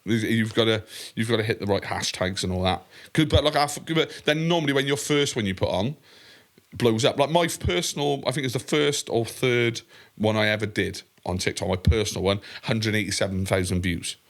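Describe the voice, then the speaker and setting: A man's voice: fairly low pitch, a little fast, fairly bright tone. A man co-hosting a podcast, chatting casually, rambling and swearing a lot. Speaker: podcast co-host. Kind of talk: casual chat.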